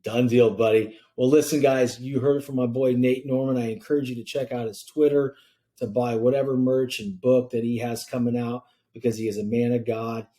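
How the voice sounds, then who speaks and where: A man's voice: medium pitch, steady tone, normal speed, dark tone. A male podcast host runs a casual interview, with a mid-range voice and plenty of slang. He sounds hyped and enthusiastic as he reacts and closes the show.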